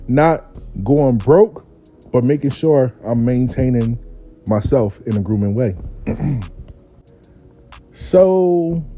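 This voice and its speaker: Dark-voiced man telling a story. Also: a little high. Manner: profane, animated, laid-back. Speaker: storyteller host. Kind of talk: comic personal anecdote.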